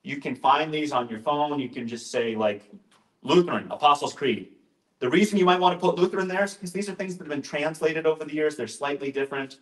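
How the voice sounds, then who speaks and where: A man's voice: a little high, fast. A male pastor giving an informal, conversational talk, often interrupting himself with asides and jokes. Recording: roomy echoing room.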